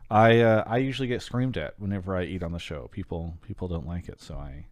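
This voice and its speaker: A man hosting a call-in show, chatting casually and reading a sponsor spot, often trailing off quietly at the ends of sentences. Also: low-pitched, a little fast, dry recording. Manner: relaxed, rambling, trails off quietly at line ends.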